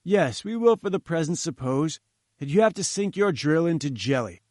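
Imperious old professor, commanding and scornful, raised pitch, man voicing. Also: lively intonation, normal speed, a little mellow, no room sound, clean studio sound, close to an everyday voice. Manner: haughty and commanding. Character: domineering older male scientist, imperious.

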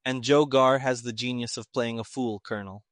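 A man doing a relaxed army captain who talks quietly and in a measured way. the audiobook is read in a dry room with no reverb. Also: medium pitch, lightly acted.

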